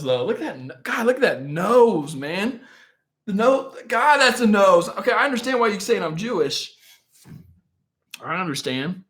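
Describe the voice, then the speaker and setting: High and a bit bright, the man's voice carries a relaxed live stream where he answers questions from viewers. He rambles, mocks himself, cracks jokes, and laughs frequently.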